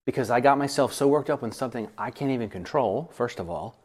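A middle-aged man, a pastor, teaching an informal Bible study in a church, animated and self-deprecating, often acting out quoted voices. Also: mid-range voice, quick pace, breathy edge.

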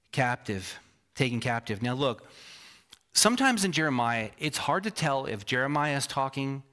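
A man's voice: mid-range voice, sharp tone. Male pastor mid-sermon; emphatic, asks the room questions, pokes fun at himself. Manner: self-deprecating asides.

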